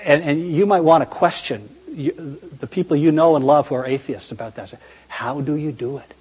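A man's voice: fairly high pitch, brisk, darkish tone, slightly rough, big-room sound. A man preaching a sermon in a conversational, emphatic way, often posing rhetorical questions.

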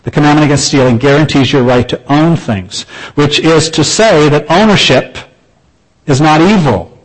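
Man preaching a measured sermon. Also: fairly high pitch, low-quality recording. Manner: measured preaching with slowed emphasis on key phrases. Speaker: pastor.

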